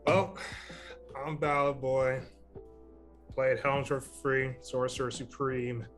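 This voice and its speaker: A young man, one of the players, saying a halting goodbye with many restarts. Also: medium pitch, flat delivery, a bit bright. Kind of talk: casual goodbye on a stream. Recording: faint music behind.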